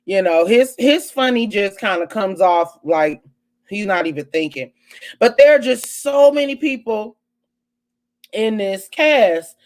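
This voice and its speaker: A woman talking straight to her live-stream viewers in a loose, chatty way. Her pitch sits in a middle range, and she jumps into animated exclamations and quick asides. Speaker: host of a live online show. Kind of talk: casual live-stream chat.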